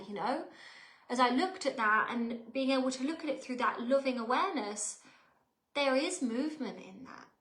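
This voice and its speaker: An English woman in her thirties leads a live online coaching workshop, talking in a chatty, emphatic way and often asking her viewers questions. Her voice sits a bit high. The room around her sounds roomy and echoey. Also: fairly bright tone. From England. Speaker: wealth and mindset coach. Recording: roomy echo.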